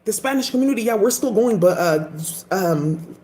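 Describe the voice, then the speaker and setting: A woman's voice: mid-range voice, animated, moderate pace, dark tone. A woman vlogger giving a casual, emphatic rant full of profanity. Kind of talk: casual ranting commentary. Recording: echoey room.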